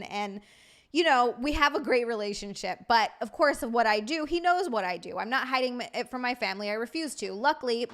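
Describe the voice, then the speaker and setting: A young adult woman hosting a casual chat show, chatty and quick to laugh as she reads out viewer messages. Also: fairly high pitch, fairly bright tone. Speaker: host.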